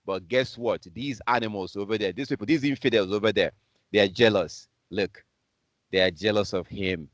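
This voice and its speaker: A man's voice: on the low side, normal speed, dry recording, studio quality. A man from Africa commenting on news clips as a preacher, in a heated, repetitive and scornful way. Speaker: online preacher.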